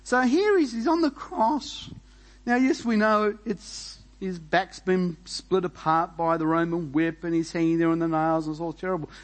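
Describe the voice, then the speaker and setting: Animated preacher man, fairly high voice. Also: moderate pace, poor audio. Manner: animated preaching with rhetorical questions; laughs between points. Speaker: pastor. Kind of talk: sermon.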